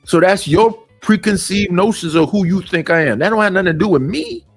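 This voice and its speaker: High-voiced, blunt older man ranting. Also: lively intonation, fairly quick, husky, soft background music. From Oakland, California. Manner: blunt, rambling, quotes others in put-on voices. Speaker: streamer. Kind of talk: casual ranting commentary.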